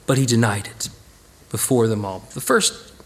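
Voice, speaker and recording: A man teaching a casual Bible study, who talks in a lively way and acts out the people in the story. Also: mid-range voice, moderate pace. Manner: animated, acts out voices of the characters.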